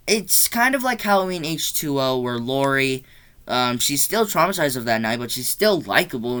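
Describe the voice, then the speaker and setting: A man reviewing a horror sequel in a casual vlog, talking bluntly and rambling, his pitch climbing when he gets exasperated. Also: a bit bright, clean tone. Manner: loose, rambling delivery with restarts. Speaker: movie reviewer.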